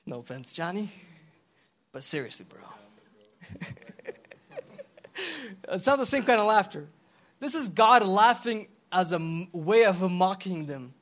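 A young adult man preaching a casual youth sermon in a slangy, animated way, calling for responses from the congregation. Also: high voice, slow, long pauses. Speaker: pastor.

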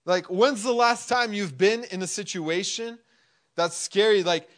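A man with a high-pitched voice delivers a relaxed, conversational sermon. He leans on filler words and slips into little acted-out voices of people's thoughts. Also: unhurried. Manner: conversational, filler-heavy, acts out inner thoughts. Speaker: preacher. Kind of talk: casual sermon.

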